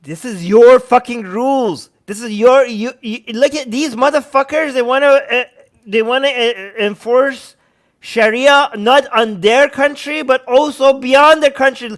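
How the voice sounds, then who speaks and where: Furious high-voiced man ranting. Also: a little slow. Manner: angry, profane, ranting. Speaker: co-host. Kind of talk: heated political commentary.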